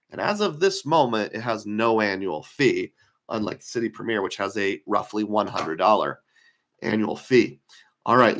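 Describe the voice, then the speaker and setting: A man's voice: medium pitch, fairly bright tone. A man giving a casual screen-share lecture on credit card points, talking through his opinions with fillers, his voice slightly worn. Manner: conversational, opinionated, thinking aloud with fillers.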